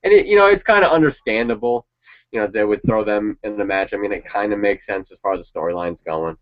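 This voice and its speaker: A man reacts to a wrestling show, chatting casually in a rambling, opinionated way and swearing now and then. He speaks fast, with a voice on the low side, and the recording sounds dull and lo-fi.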